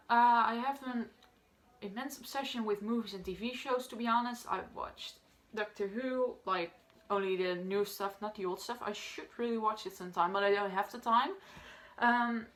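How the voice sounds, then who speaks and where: Dutch-native girl, 18, rambling to camera, tons of fillers, mid-pitch voice. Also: fairly bright tone. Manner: chatty, rambling, many fillers and restarts. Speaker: vlogger. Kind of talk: casual talk to camera.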